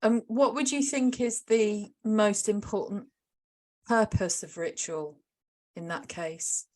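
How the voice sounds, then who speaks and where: A woman's voice: mid-range voice, slow, darkish tone. Woman hosting an online interview. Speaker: interview host. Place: video call.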